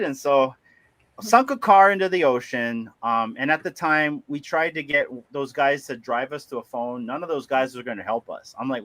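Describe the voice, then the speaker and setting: A man tells a long story on a livestream. His voice is bright and forward. He talks in a lively way, laughs often and slips into other people's voices as he goes. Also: medium pitch, normal speed. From Hawaii. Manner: animated, laughing, acts out voices. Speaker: livestream host. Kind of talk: casual storytelling.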